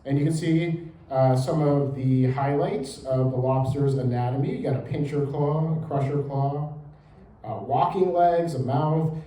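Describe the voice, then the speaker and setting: A man gives a public talk to a live audience, chatty and quick to crack a joke. His voice sits a bit high but has a mellow tone. The room is echoey, with faint background ambience. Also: steady tone. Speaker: museum director and historian giving a talk. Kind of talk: public lecture. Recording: roomy hall with faint ambience.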